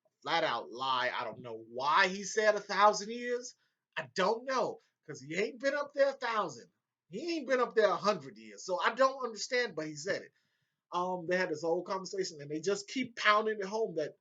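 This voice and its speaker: A man recapping a TV episode in a casual, excitable way, swearing often and breaking into laughter. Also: high-pitched, moderate pace. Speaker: video reviewer. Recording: dull lo-fi home audio.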